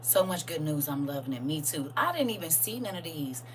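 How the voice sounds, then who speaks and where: A middle-aged woman chatting excitedly and casually to her viewers on a live stream. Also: low voice, a little fast, slight background noise, poor audio. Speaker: livestream host.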